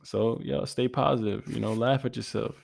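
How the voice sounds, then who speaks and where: A man's voice: mid-range voice, steady tone, normal speed, vocal fry, a little mellow, dry recording, studio quality. A man in his twenties hosting a podcast, giving an earnest, casual motivational talk full of slang, repeated phrases and restarts. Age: 20s. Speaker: podcast host.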